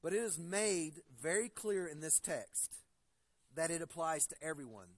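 A man's voice: on the high side, animated, moderate pace. A man in his forties preaching a sermon, earnest and building to emphatic stresses, weaving personal stories into his point. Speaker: pastor.

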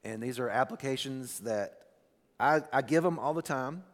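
A man preaching a sermon as pastor, telling a story with animated bursts that drop to a hushed, slow delivery. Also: medium pitch, long reverb tail.

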